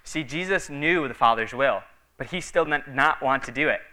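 A man's voice: fairly high pitch, normal speed, sharp tone. A man preaching a sermon in a conversational, storytelling way, with frequent fillers, acting out the voices of the people in his stories.

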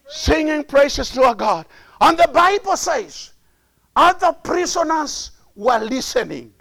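A man's voice: very high voice, big pitch swings, slow pace, gravelly, a bit bright, dry recording. A male preacher giving an emphatic sermon, repeating his phrases, laughing often and acting out crying prayers.

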